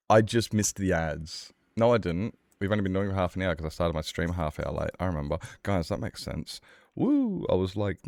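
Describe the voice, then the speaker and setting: A man's voice: sits low, animated, brisk, a little mellow, no echo. A man streaming a game, rambling and joking as he talks back to his chat. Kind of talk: casual livestream chat while gaming.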